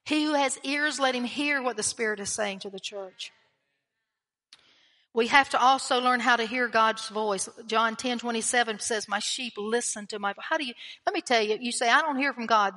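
A woman delivers a sermon in a high, bright voice, emphatic and conversational, throwing questions out to her listeners. Her words ring out with a long reverb, as if she is speaking in a large church sanctuary. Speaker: preacher.

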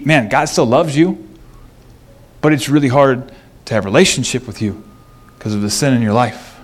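A middle-aged pastor delivers a sermon with a mid-range voice, telling stories animatedly and moving between lively and hushed moments.

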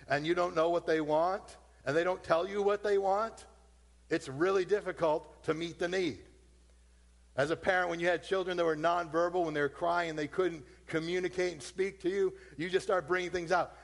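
A man's voice: sits high, normal speed, vocal fry, in a large hall. A man preaching a sermon as a pastor, talking in a loose conversational way and acting out the voices of his listeners.

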